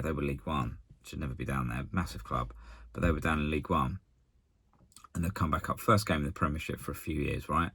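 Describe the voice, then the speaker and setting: A man giving a casual, exasperated post-match rant to camera as a football fan, blunt and halting, often restarting his sentences. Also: very deep voice, slightly rough, no echo. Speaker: football fan channel contributor.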